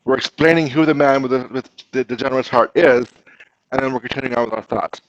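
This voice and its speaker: A man's voice: mid-range voice, steady tone, fast talker, highs cut off. A man teaching a grammar lesson to a class, patiently explaining step by step and asking his students questions.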